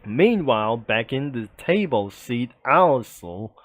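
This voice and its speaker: A man's voice: mid-range voice, very animated, slow, no room sound. A man casually narrating a comic, rambling and stumbling over his words.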